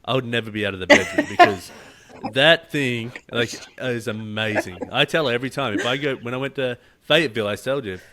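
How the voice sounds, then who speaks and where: A man's voice: medium pitch, fairly quick, crowd noise. A man hosting a podcast, chatting casually and acting out quotes with laughter. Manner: animated storyteller, acts out quotes, laughs. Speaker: podcast host. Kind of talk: casual interview chat.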